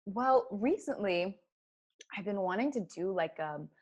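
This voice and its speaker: A woman's voice: medium pitch, expressive, a little slow, muffled recording. A young woman chats as a podcast guest. Her talk is loose and friendly, full of fillers, with frequent laughter. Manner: chatty, laughs often, filler-heavy. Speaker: guest actor and director. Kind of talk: casual podcast chat.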